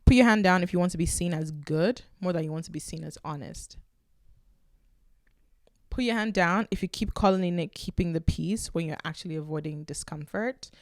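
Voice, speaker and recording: Woman, podcast host, low pitch, dry close sound, candid casual storytelling. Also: moderate pace, dry recording. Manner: candid, conversational, animated storytelling. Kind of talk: casual solo podcast talk.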